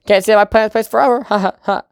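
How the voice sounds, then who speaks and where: A man's voice: high-pitched, steady tone, rapid-fire, gravelly, clean tone, no echo, clean studio sound, pitched above the performer's own voice. A man doing a flustered nervous young guy. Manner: nervous forced laughing.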